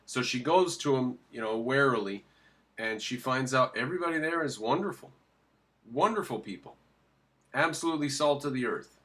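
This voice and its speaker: Male commentator reacting to a clip, mid-pitched, emphatic, answers his own rhetorical questions. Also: expressive, normal speed, a bit bright. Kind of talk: opinionated commentary.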